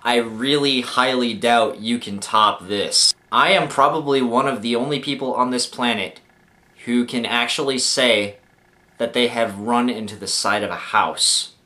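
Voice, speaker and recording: A young adult man vlogging, telling comic stories about his own mishaps in a jokey, self-mocking and animated way. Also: medium pitch, a little slow. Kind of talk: comic storytelling to camera.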